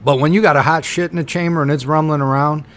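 A man's voice: fairly high pitch, steady tone, quick pace. A man co-hosting a casual podcast, cracking crude jokes and laughing often. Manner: crude joking, laughs a lot. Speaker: podcast co-host. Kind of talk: casual chat.

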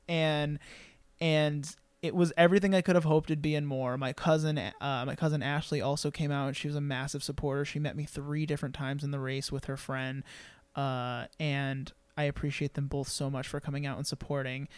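A man's voice: fairly high pitch, steady tone, brisk, clear, resonant tone, dry recording. A young man hosting a podcast, telling an emotional personal story in an earnest way, with many fillers and restarts. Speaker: podcast host.

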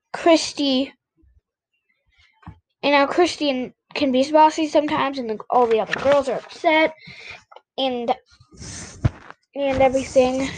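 High-voiced woman reading a storybook aloud. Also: background noise. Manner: halting, with restarts and self-corrections. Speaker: reader. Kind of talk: reading a children's novel aloud.

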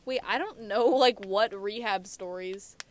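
Speaking at medium pitch and a little slowly, a teen co-hosting a casual podcast rambles through stories, full of fillers and false starts.

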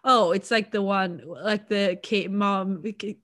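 A woman's voice: mid-range voice, steady tone, slow pace, a bit bright. A young woman co-hosting a casual podcast chat, rambling with many restarts and laughs. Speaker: podcast co-host.

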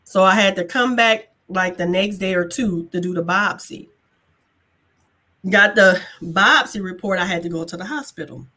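A woman guest telling a personal story in a casual chat, colloquial and animated, acting out the dialogue and laughing as she goes. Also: medium pitch, moderate pace. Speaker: guest sharing a testimony.

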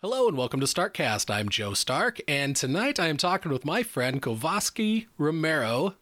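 A man's voice: a little high, very animated, brisk, sharp tone, faint music behind. A man hosting a podcast in casual chat, laughing often and joking at his own expense. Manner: laughs often, self-mocking. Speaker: podcast host.

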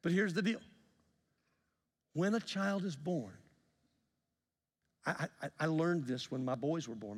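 A middle-aged man preaching a sermon as pastor, telling a story, acting out the dialogue and swinging from loud to soft. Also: on the high side, big-room sound. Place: church sanctuary.

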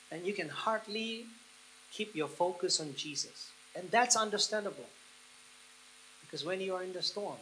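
A man preaching a sermon, leading the listeners through a guided picture with slow, soft pauses that build into excited passages. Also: high voice, slight background noise, low-quality recording. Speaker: pastor.

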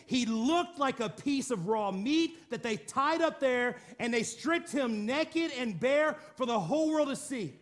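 A man with a high voice preaches a dramatic sermon. He presses hard on key phrases, then drops to a quiet, low murmur for emphasis. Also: lively intonation, a little slow. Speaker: pastor.

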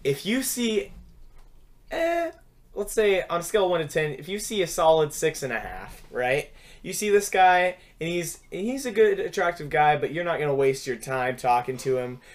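Animated young man hosting a podcast. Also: a little high, normal speed. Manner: animated, talks over others. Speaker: podcast host. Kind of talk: casual chat.

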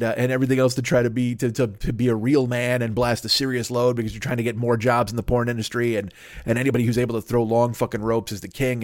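On a clean, dry studio recording, a medium-pitched man hosts a comedy podcast by himself. He cusses liberally, wanders from topic to topic, and mocks himself along the way.

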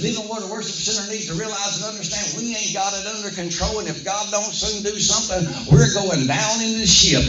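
A pastor with a high voice preaches to his congregation, pushing them to answer back and repeat after him. The sound is echoey and a bit muffled, as from a church room. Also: a bit bright. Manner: emphatic call-and-response preaching. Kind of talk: sermon.

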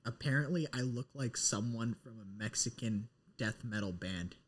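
A man's voice: medium pitch, normal speed. A young man co-hosting a casual podcast, telling a funny story about himself with a laid-back manner, chuckling and trailing off. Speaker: podcast co-host.

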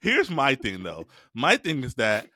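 A man's voice: mid-range voice, a little slow, dry recording, clean studio sound. A man co-hosting a podcast, swearing freely and laughing as he reacts. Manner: animated, profane, laughs a lot. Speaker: podcast co-host. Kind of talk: casual banter.

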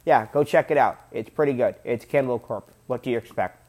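A man's voice: mid-range voice, fairly quick, a little mellow. A young man reviewing a metal album in a casual vlog, rambling and repeating himself with loose slang. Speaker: music reviewer.

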